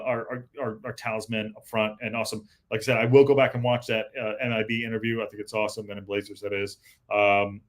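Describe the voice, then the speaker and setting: A man's voice: on the low side, fairly bright tone. A man hosting a casual live-stream podcast, reading the chat aloud and rambling with lots of fillers and restarts. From United States.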